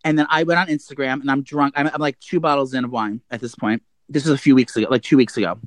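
A man's voice: mid-range voice, fairly even intonation, quick pace, no room sound. A man telling a gossipy personal story in a casual, rambling way, full of restarts.

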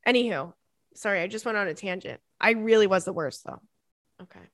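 A woman's voice: mid-range voice, fairly quick, fairly bright tone, no echo, clean studio sound. A woman in her thirties hosting a podcast, reading listener emails in a casual chat full of laughing tangents and swearing.

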